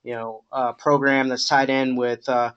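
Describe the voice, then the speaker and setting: A middle-aged man with a voice of ordinary pitch coaches a new sales agent. He talks in a relaxed, encouraging way, giving feedback with many pauses and fillers. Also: clear, resonant tone, highs cut off. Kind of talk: coaching call.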